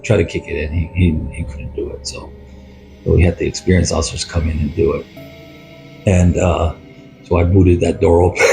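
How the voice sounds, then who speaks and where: Older retired cop rambling thru a story, gravelly voice, echoey room, faint music under. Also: male voice, sits low, darkish tone. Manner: rambling, halting retelling with many fillers. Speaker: retired police officer guest. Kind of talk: storytelling interview. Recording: roomy echo with faint music.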